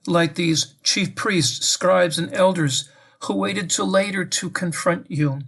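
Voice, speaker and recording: Man, slightly higher voice, prayerful meditation, reflective, questioning, speaks to the Lord. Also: fairly bright tone. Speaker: priest giving a meditation.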